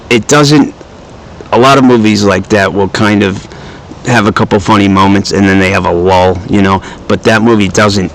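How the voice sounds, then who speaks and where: A man giving a casual movie review, animated and storytelling, who swears freely and acts out the lines he quotes. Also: lowish voice, a little hiss or hum, poor audio.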